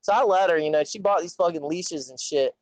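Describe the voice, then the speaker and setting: Young man, rambling profane storyteller, fairly high voice, dry close sound. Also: a little fast, no room sound, poor audio. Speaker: guest telling a story. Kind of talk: casual storytelling chat.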